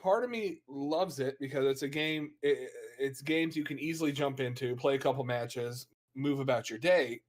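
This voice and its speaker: An American man from Florida, co-hosting a casual gaming podcast and talking in an animated, rambling way with frequent laughs. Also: mid-range voice, moderate pace, hardly any pauses. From United States (Florida). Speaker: podcast co-host and streamer.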